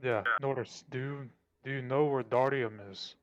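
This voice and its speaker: A man playing in a tabletop game, speaking for his character in a relaxed way. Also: medium pitch, normal speed, muffled recording. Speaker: player.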